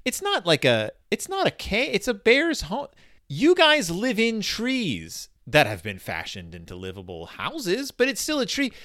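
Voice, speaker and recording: A man riffing through a comedic book commentary, with a lively voice that swings high and low. His tone is bright and sharp, and his jokes keep spinning off into sarcastic tangents. The sound is dry and close. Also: a little slow, dry recording. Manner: joking, rambling tangents; sarcastic, animated.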